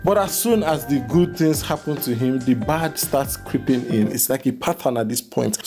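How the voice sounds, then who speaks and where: A man's voice: medium pitch, darkish tone. Joking young Nigerian man recapping a movie. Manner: joking, teasing, playful asides with laughs.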